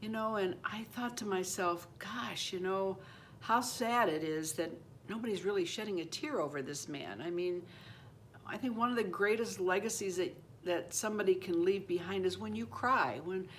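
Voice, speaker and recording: A woman in her seventies tells a personal story straight to her viewers in a middle-pitched voice. She rambles, drifts into side details and pulls herself back with "anyway." A faint low rumble sits behind her voice. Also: normal speed, a bit bright. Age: 70s. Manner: rambling, circling back with "anyway" and "you know". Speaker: channel host. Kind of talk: personal story told to camera.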